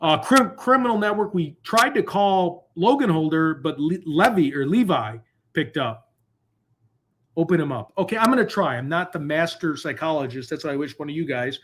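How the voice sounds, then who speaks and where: A man's voice: a little high, lively intonation, moderate pace, a bit bright. A man hosting a live call-in stream from a hotel room, talking casually and rambling between jokes. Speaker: host.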